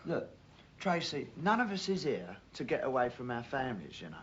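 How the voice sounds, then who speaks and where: An actor playing a cheeky but decent young bricklayer who teases and calls people "love", in a TV drama. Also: male voice, mid-range voice, sing-song, brisk, fairly bright tone. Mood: earnest. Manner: teasing, chatty, uses "love" a lot. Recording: muffled old TV soundtrack with faint hiss.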